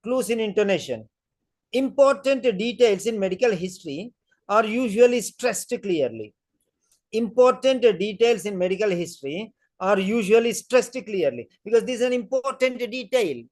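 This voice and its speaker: A male tutor leads an online class and walks through each question step by step. He repeats key phrases several times. His voice comes through a video-call connection. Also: high-pitched. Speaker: English test tutor.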